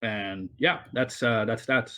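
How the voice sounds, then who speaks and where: Male game master on an online call, mid-pitched, rambling, filler-heavy narration. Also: slow, bright, forceful tone. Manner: rambling, with many fillers and restarts.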